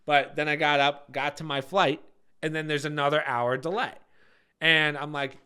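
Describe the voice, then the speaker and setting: A man's voice: a little high, little pitch movement, normal speed, bright, forceful tone, clear, resonant tone. A man co-hosting a podcast, telling a rambling travel story in casual chat and laughing often. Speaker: podcast co-host.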